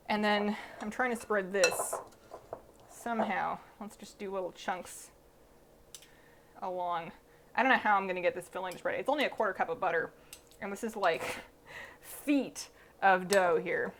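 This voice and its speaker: A woman talks her way through a bake on a live stream, thinking aloud and joking about her own slip-ups. Her pitch sits in an ordinary middle range. A faint hum of room noise lies under her voice in the kitchen. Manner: chatty, thinks aloud, self-deprecating. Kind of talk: casual live-stream chat. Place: home kitchen. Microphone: streaming mic through a mixer.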